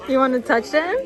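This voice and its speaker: A young mother vlogging outdoors at a busy farm, talking in a cooing, sing-song way to her toddler. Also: high-pitched. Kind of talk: casual family vlog chat. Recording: crowd chatter behind.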